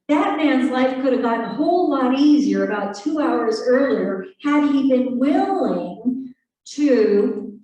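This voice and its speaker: A woman minister giving a sermon with a guided meditation, speaking slowly and soothingly with reflective pauses. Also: high-pitched, a little mellow. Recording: very echoey room, distant mic, faint music.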